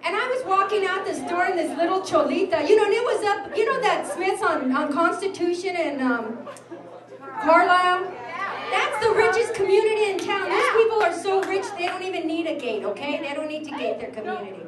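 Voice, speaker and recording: A middle-aged woman tells brash, profane stories on a bar stage in a very high voice, acting out the other people in them. She is picked up from a distance in a roomy, echoing club, and the audience is loud around her. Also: animated, brisk. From New Mexico, USA. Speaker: stand-up comic. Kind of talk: stand-up comedy set. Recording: roomy club sound from far off, crowd noise.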